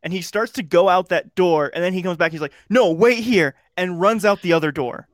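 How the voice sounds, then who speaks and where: A man's voice: high-pitched, fast talker, no room sound, studio quality. A young man co-hosting a podcast, chatting casually and sarcastically, acting out movie lines as he goes. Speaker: podcast co-host. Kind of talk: casual chat.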